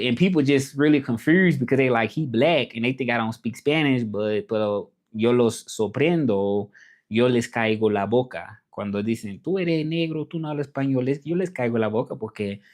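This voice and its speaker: A man from Tennessee with a Southern accent, chatting casually on his livestream and answering viewer comments aloud. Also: medium pitch. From Tennessee, USA. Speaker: livestream host and interpreter.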